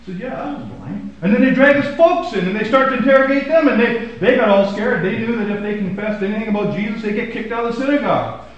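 High-voiced male preacher, echoey room. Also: fast, dull audio. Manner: dramatic swings from loud emphasis to hushed asides. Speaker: pastor. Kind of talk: sermon.

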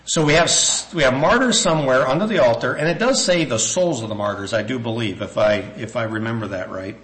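A man's voice: mid-range voice, a little fast, a bit bright, rough recording. A man preaching a sermon, reading scripture passages aloud and thinking aloud with restarts and asides.

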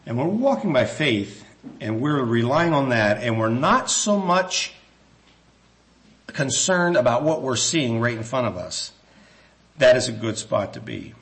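A man preaching a sermon in a church, earnest and measured, with some hesitant restarts, slowing down when he reads scripture. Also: medium pitch, big pitch swings, a bit bright.

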